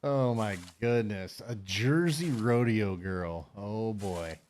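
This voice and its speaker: A man's voice: lowish voice, slow, a little mellow, slight background noise. A middle-aged man hosting a game stream, chatting casually with blunt, profane rambling. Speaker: streamer host.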